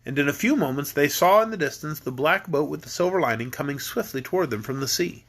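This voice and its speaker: Man, slightly high voice, reading aloud to children, relaxed, occasional stumbles. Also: fast talker. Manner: easygoing, stumbles and rereads lines. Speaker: parent reading to his children.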